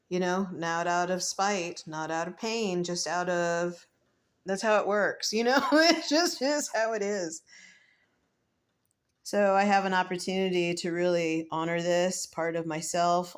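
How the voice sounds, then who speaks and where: A woman in her fifties, a tarot reader, talking through a card reading in a reflective, emotional and rambling way, with many fillers and soft laughs. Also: fairly low pitch. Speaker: tarot reader and spiritual medium. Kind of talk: casual spiritual vlog, tarot reading.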